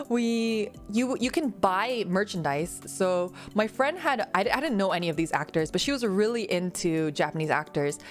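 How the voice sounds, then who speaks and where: Young woman vtuber chatting, giggly and rambly, faint music behind. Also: mid-range voice. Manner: rambling, giggly, many fillers and restarts. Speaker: VTuber streamer. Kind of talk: casual Q&A chat.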